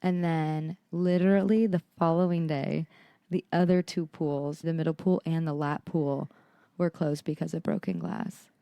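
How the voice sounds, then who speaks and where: A young adult woman co-hosting a podcast, chatting casually and telling animated stories about her toddler. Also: sits low, unhurried, creaky, dry recording. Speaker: podcast co-host. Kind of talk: casual chat.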